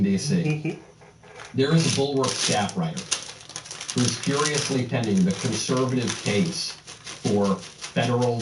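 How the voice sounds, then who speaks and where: A man's voice: fairly low pitch, darkish tone, slight background noise. Emphatic man hosting a commentary show. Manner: emphatic, sardonic. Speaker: podcast host. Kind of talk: ad read and political commentary. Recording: roomy sound from a distant mic.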